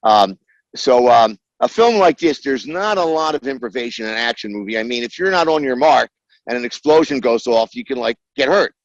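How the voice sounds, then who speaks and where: An older man telling film-set anecdotes in an interview, filling pauses with many ums and uhs and acting out the people he quotes. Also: mid-range voice, animated, dry recording, highs cut off. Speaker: screenwriter guest.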